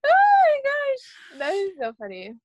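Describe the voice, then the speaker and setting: A woman's voice: extremely high pitch, huge pitch swings, unhurried, dry recording, muffled recording. A woman who is a podcast guest, talking casually in a chatty way and laughing easily. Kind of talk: casual chat.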